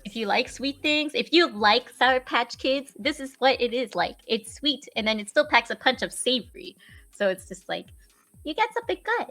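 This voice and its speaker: A young woman chats casually on a live stream, her voice pitched a little high and very bright. She tells stories with animation and slips into playful voiced asides. Faint music plays behind her. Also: moderate pace. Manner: chatty, animated storytelling with laughs and voiced asides. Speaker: guest. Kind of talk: casual chat.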